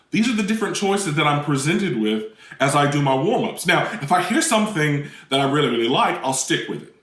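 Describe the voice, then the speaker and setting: A man presenting a children's lesson on puppetry, demonstrating voice warm-ups in an animated way. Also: a little high, brisk. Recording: roomy, mic at a distance.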